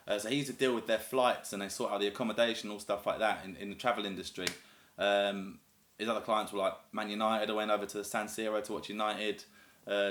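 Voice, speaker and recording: A man's voice: fairly low pitch, fairly bright tone. Casual vlogger: man in his thirties, southern English accent, enthusiastic and rambling, recorded in a roomy space. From North East England, raised in the south of England. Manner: chatty, rambling and enthusiastic, lots of fillers. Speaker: YouTuber. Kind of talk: casual chat to camera. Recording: echoey room.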